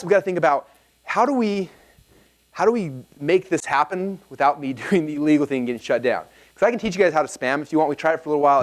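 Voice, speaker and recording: Fast-talking energetic man telling a story. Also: fairly high pitch. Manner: energetic, casual, heavy on "like" fillers. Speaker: seminar presenter. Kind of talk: storytelling talk to a live audience. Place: room with a live audience.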